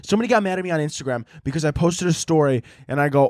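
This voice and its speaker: A young man in a solo comedy podcast, ranting and cursing as he goes. His voice sits fairly high. The sound is dry and close, with no room around it. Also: very fast, few pauses, no room sound. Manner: profane, animated ranting with mocking impressions. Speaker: podcast host.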